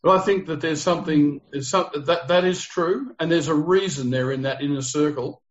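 A man's voice: a little high, moderate pace. A man leading an interactive Bible study, explaining the text earnestly and putting questions to his group. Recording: dull lo-fi recording.

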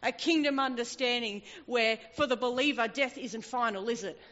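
Woman preacher, bright voice, animated storytelling, long hall echo, dull sound. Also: fairly high pitch, moderate pace. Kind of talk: sermon.

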